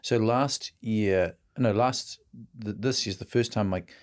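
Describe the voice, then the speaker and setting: A man's voice: on the low side, takes it slowly. A middle-aged man with a New Zealand accent, a guest telling rambling, self-mocking stories in casual chat. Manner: rambling, self-mocking storyteller who laughs often.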